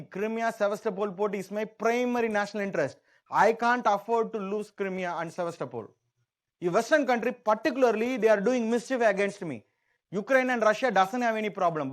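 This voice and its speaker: A man teaches an exam-prep class, explaining things in a repetitive, conversational style and often speaking as a country in the first person. He sits high.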